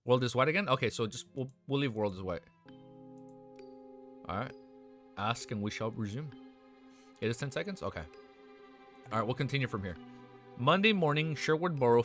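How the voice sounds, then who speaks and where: A young man on a live stream, reading a novel aloud and often breaking off to react with excitement. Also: medium pitch. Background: faint background music.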